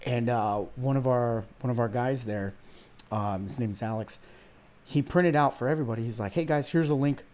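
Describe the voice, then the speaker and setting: Man in his thirties, from Iran, podcast guest, earnest and heartfelt, casual talk, mid-pitched voice. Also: normal speed, a little mellow. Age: 30s. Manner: earnest, heartfelt storytelling with frequent "man" and "dude". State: close to tears at times. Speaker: podcast guest, weight loss coach. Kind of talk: casual interview conversation.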